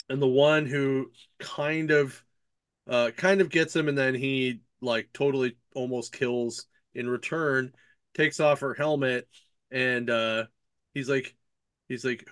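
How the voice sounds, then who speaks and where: A man's voice: medium pitch, fairly bright tone, smooth, dry recording, studio quality. A man hosting a casual book chat, recapping a plot in a rambling way, laughing often and leaning on lots of fillers. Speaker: podcast host reviewing books.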